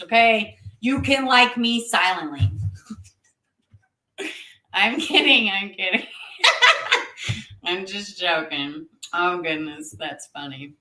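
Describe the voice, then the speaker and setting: A woman hosts a casual livestream, chatting and laughing with her viewers. Her voice sits low but sounds bright and animated. The room around her is echoey. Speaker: livestream host reading chat.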